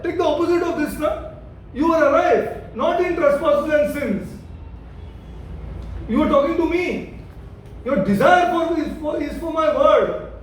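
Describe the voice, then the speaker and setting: Male pastor, very high voice, emphatic and repetitive, distant mic in a very echoey room. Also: a little hiss or hum. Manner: repetitive, questioning the listeners, emphatic. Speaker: pastor teaching a Bible study. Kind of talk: interactive Bible study teaching.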